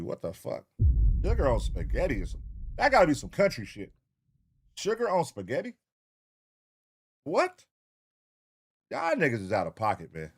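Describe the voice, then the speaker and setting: A man's voice: fairly high pitch, breathy edge, no room sound, studio quality. A man hosting a live stream, chatting loosely and profanely with his chat and reading out names in a sing-song voice. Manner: sing-song roll-call shout-outs. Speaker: streamer host. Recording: music playing loudly behind. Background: hip hop music.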